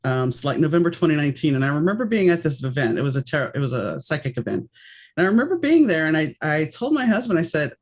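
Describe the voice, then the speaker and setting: A woman's voice: low-pitched, fast. Chatty American woman hosting a podcast. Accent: mixed American, faint New Orleans. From New Orleans, United States. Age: middle-aged. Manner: chatty, animated, jumps between stories. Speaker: podcast host. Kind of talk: casual interview chat.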